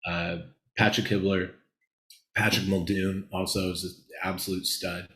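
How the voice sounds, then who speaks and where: Low-voiced man telling candid stories. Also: unhurried, roomy sound, a little hiss or hum, rough recording. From Los Angeles, USA. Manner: animated, rambling, laughs while telling stories. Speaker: guest screenwriter. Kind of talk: candid interview storytelling.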